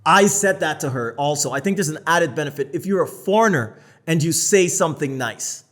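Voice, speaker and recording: North american guy on a podcast, kinda high voice, swears a lot, blunt and animated. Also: brisk. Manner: blunt, profane, animated storytelling. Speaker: podcast co-host. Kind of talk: casual podcast chat.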